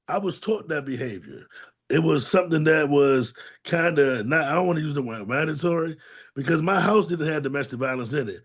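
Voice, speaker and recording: A man's voice: fairly high pitch, animated, a little fast, breathy edge. A man co-hosting a talk show, giving candid, plainspoken testimony in casual slang and acting out quotes from people in his past. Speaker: podcast co-host and domestic violence advocate.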